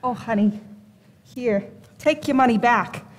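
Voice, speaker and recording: A woman's voice: a little high, measured pace, long reverb tail. A woman playing a blunt, wisecracking fake fortune teller in a stage play.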